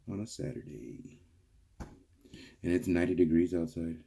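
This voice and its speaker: A man's voice: low-pitched, animated, measured pace, gravelly, pauses often, mellow, husky. A young man rambling casually to viewers in a garage vlog, calling them guys. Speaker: car vlogger. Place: home garage workshop.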